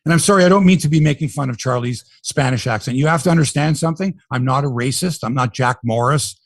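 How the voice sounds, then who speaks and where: A middle-aged man hosting a sports podcast, talking in an animated, profane, ranting way. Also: medium pitch, fast, creaky, no room sound, clean studio sound. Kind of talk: casual sports talk.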